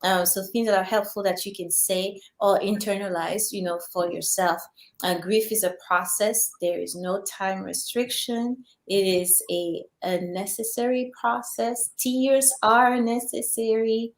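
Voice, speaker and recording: A woman hosting an interview, affirming her guest with many soft responses. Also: medium pitch, steady tone, unhurried, echoey room. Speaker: podcast host. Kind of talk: conversational interview.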